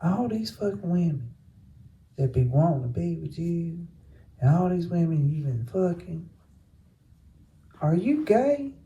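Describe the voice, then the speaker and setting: A man's voice: a little high, sing-song, unhurried, pauses often, mellow, muffled recording, a little hiss or hum, pitched above the performer's own voice. A man voicing his angry father, who curses in disbelief. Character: angry middle-aged father cursing at his son.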